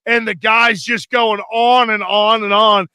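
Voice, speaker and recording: A man talks sports with a high, bright, ringing voice. He piles one thought onto the next as he tells animated stories. The studio sound is dry and close. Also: smooth, dry recording. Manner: animated storytelling, rapid, run-on. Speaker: sports talk show co-host. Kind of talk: casual sports talk.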